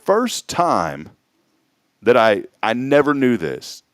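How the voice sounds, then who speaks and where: Lively, joking man hosting. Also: mid-range voice, slow pace, no room sound, clean studio sound. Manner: playful, jokey, animated. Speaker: morning show host. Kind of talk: casual chat. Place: studio.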